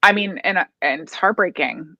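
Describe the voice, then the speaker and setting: A woman's voice: lowish voice, normal speed, bright, forceful tone, dry recording, highs cut off. Woman, from the East Coast, panel guest, rambling talk, dry sound. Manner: chatty, rambling restarts. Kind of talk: casual panel chat.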